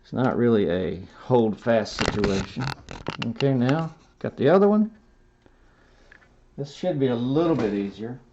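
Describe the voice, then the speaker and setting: Slow, folksy man narrating a robot build. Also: medium pitch, expressive, dark tone, a little hiss or hum. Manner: folksy, self-talking, stops and corrects himself. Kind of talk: hands-on build tutorial narration. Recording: dull lo-fi sound.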